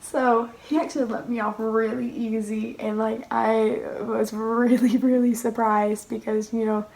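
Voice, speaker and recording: A young woman vlogger telling a personal story in a casual, animated way, acting out quotes and laughing often. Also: on the high side, unhurried, vocal fry, poor audio.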